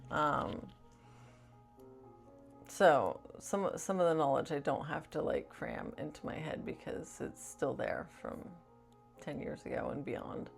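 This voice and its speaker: A woman's voice: sits low, very animated, slow pace, vocal fry, soft background music. A woman vlogger chatting casually to camera in a rambling way, with lots of "like" fillers.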